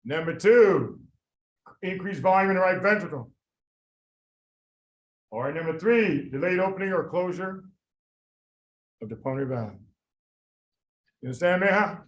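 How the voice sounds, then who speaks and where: A man tutoring medical students in a lively class, quizzing them by name and repeating the key points. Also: sits high, normal speed, long pauses, poor audio. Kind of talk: lively classroom teaching with drills.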